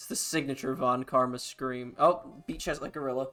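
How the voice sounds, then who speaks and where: A man's voice: medium pitch, fairly even intonation, fairly quick, sharp tone, faint music behind. Profane joking male streamer. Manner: profane, joking, bursts into laughter. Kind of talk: casual live-stream commentary.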